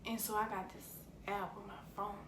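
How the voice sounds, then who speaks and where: A woman vlogger tells a personal story in a halting, casual way, often pausing and correcting herself. She sounds set back from the mic in an echoey room. A clear layer of background noise runs under her voice. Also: mid-range voice, level tone, recorded from a distance.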